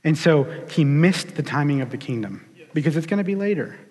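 A man preaching a sermon in a casual, animated storytelling way. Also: on the high side, fairly quick. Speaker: pastor. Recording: long hall reverb.

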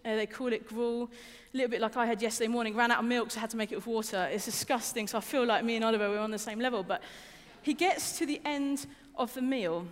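A woman's voice: fairly high pitch, steady tone, fast, few pauses. Young woman preaching in a reverberant hall. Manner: informal and personal, repeats words, asks the listeners questions. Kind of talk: conversational sermon.

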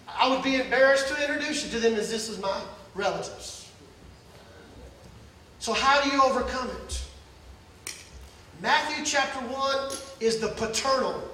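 A man with a very high, bright voice preaches a sermon, swelling to near-shouts and falling to hushed asides. He is heard from some distance in a strongly echoing church hall, with faint room noise behind him. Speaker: pastor.

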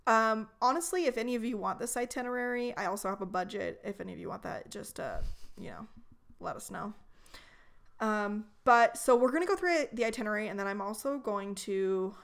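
A young woman co-hosting a casual chat, telling travel stories with animated, mock-outraged humor. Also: medium pitch, a little fast, creaky. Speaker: podcast co-host.

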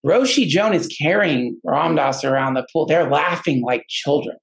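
A man's voice: on the high side, expressive, moderate pace, creaky, rough recording. A man, a podcast guest, telling an earnest personal story in casual, rambling talk full of restarts and fillers. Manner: emotional, earnest.

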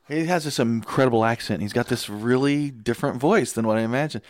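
A man, a filmmaker, chatting casually on a podcast and telling lively anecdotes. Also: mid-range voice, fairly quick. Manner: enthusiastic storyteller, impersonates people in quotes.

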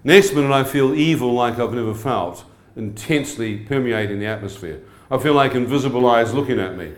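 Animated New preacher, echoey hall. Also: male voice, mid-range voice. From New Zealand. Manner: animated, asks the crowd questions. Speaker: evangelist. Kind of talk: sermon testimony.

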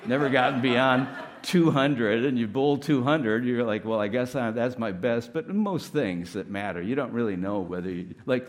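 A man's voice: fairly low pitch, a little mellow. A middle-aged man giving a conversational sermon as a guest speaker, candid and self-deprecating, with many "like" fillers.

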